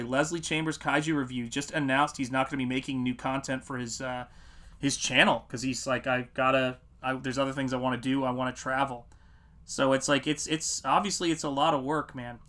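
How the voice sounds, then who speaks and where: A middle-aged man, a comic artist, chatting on a livestream and telling animated stories. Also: mid-range voice. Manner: animated storytelling, acts out quotes. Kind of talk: casual livestream chat.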